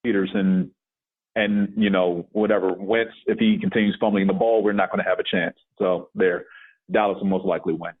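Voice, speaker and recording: A man's voice: low-pitched, fairly even intonation, a little fast. A man co-hosting a sports podcast, blunt and sarcastic, grumbling about his team. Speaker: podcast co-host, Eagles fan. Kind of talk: casual sports podcast chat. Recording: tinny phone-like remote line.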